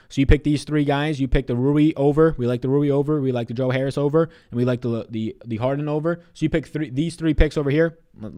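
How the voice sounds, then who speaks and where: A man's voice: medium pitch, a little mellow. A man in his twenties on a casual live stream, giving fantasy basketball picks and answering chat in a loose, profane way. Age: 20s.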